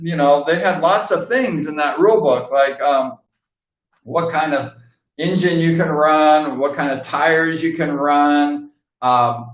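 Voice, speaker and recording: An older man rambling through old stories in a casual monologue, laughing now and then and acting out the people he quotes. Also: a little high. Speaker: host. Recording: roomy, distant, dull sound.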